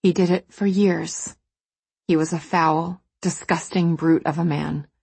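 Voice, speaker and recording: A woman voicing a wounded, defiant woman confessing quietly, in an audiobook. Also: on the low side, steady tone, unhurried, gravelly, breathy edge, dry recording, exaggerated voice. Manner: quiet, steely.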